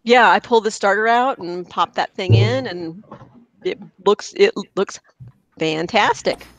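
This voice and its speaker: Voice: mid-range voice, measured pace, fairly bright tone, rough recording. A podcast co-host chatting casually and enthusiastically about fixing up old arcade machines, with lots of fillers and restarts.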